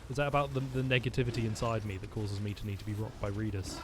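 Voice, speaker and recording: A man's voice: lowish voice, little pitch movement, quick pace, noisy background. Joking male game streamer. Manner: rambling, joking, talks to his chat. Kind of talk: let's-play commentary.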